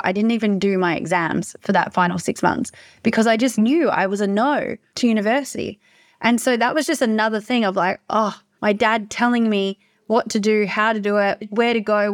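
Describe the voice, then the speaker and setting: A young woman telling a personal story on a podcast, emotional and confessional, often repeating herself in quick bursts. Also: mid-range voice, steady tone, no echo, studio quality. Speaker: podcast host.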